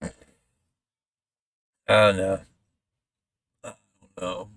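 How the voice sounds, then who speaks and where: A man's voice: low voice, flat delivery, extremely slow, vocal fry, a bit bright, dry recording. Rambling, profane man streaming live. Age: adult father of a toddler. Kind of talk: casual live-stream chat.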